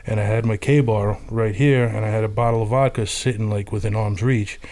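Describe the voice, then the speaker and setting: Low-pitched veteran man, plain-spoken and halting, swears freely. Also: fairly even intonation, a little mellow. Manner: frank, loose, halting with blunt swearing. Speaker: army veteran. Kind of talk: casual storytelling.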